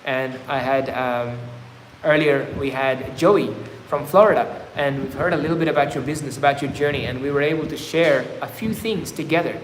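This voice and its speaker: A man's voice: mid-range voice, a little fast, a little hiss or hum. A man hosting a live stream, earnestly coaching viewers with repeated affirmations. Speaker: livestream host. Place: travelling, indoors. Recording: echoey room, faint ambience.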